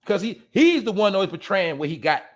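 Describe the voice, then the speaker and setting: High-voiced man ranting bluntly. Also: big pitch swings, brisk. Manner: profane, blunt, addresses listeners as y'all; laughs at his own jabs. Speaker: show host. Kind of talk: ranting commentary.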